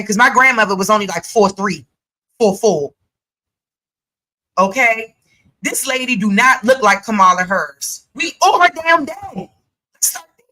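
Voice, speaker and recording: A woman hosting a reaction commentary, talking to her viewers in a sassy, animated way. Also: medium pitch, rough recording. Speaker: commentary channel host.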